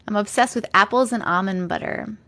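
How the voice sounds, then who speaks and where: A woman's voice: medium pitch, a little fast, pushed and bright. A young woman hosting a livestream, chatting casually and greeting viewers by name with frequent giggles. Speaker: host reading viewer comments on a livestream.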